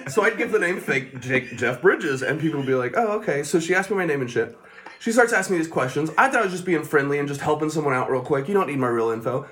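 A man's voice: on the high side, expressive, fast talker, fairly bright tone. Profane laughing man telling stories. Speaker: podcast co-host. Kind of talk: casual storytelling.

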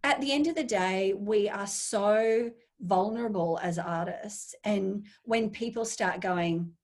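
A woman guest in a casual interview, talking enthusiastically and acting out her own inner voice in quick asides. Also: mid-range voice, darkish tone.

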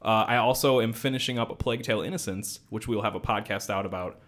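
Fast-talking young male podcast host. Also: lowish voice, fairly bright tone. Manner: upbeat, joking, quick talker. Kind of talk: casual podcast chat.

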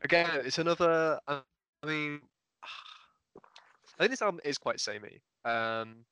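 A man co-hosting a casual music chat, giving halting, thoughtful opinions on an album. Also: on the high side, pushed and bright, smooth, no room sound. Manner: thoughtful, halting, restarts often. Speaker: podcast co-host.

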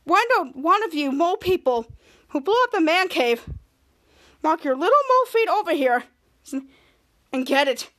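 A woman's voice: very high voice, very animated, normal speed, long pauses, a bit bright, exaggerated voice. A woman quoting a brash teenage boy from a sitcom in a cocky, boastful way.

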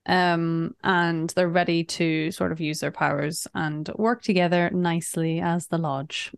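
Low-voiced woman recapping a game casually. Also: fairly even intonation, creaky, clean tone, no room sound, clean studio sound. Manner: chatty, laughs often, fills pauses with um. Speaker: podcast co-host.

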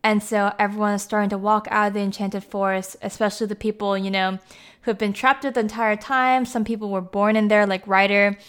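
Woman with a smooth clear voice, chatty recap, says like and you know a lot. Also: mid-range voice, fairly even intonation, brisk. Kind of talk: casual plot recap.

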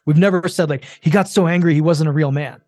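A man's voice: a little high, fast, darkish tone, dry recording. A man in his forties talking earnestly and emphatically, coaching other men in a casual conversation. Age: 40s.

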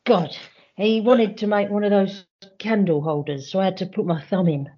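A woman's voice: mid-range voice, fairly even intonation, normal speed, close to an everyday voice. A woman puts on a bumbling stats man who is out of breath and flustered. He bursts out, laughs at his own gags and keeps talking in a middle register. The call line is muffled, with a faint hiss behind it. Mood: giggly. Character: breathless, bumbling British male stats guy.

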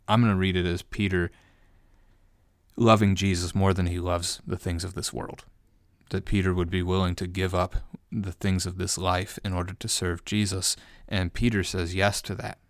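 A man's voice: deep voice, dry recording, clean studio sound. A man, a pastor, giving an unscripted bible study commentary, thinking aloud and often restarting his phrases.

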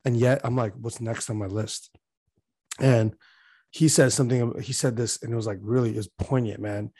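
A man's voice: mid-range voice, fairly even intonation, fairly quick, warm tone, husky, no room sound. A young man talking in a loose, rambling way, full of fillers, laughing as he tells stories. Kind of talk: casual chat.

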